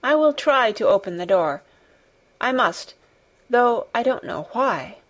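A woman reading the part of an anxious middle-aged gentleman, master of a great house, asking quiet, troubled questions. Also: fairly high pitch, big pitch swings, a little slow, muffled recording. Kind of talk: audiobook character reading.

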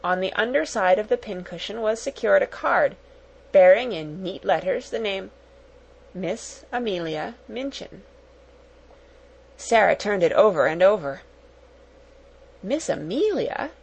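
A woman narrating a children's novel for an audiobook in a gentle, measured storytelling manner. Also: mid-range voice, creaky, slightly rough, poor audio.

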